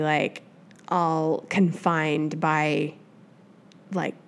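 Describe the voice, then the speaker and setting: Midwest-raised woman rambling thru a podcast q&a, slightly low voice, lots of "like". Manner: chatty, rambling, lots of "like" and asides. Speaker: podcast host. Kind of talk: solo podcast Q&A, casual advice.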